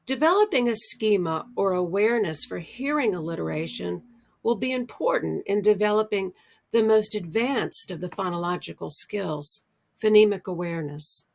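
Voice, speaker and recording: A middle-aged American woman explaining early literacy skills, speaking deliberately and drawing out her example words. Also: mid-range voice, lively intonation, gravelly. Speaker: literacy educator. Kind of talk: instructional explainer.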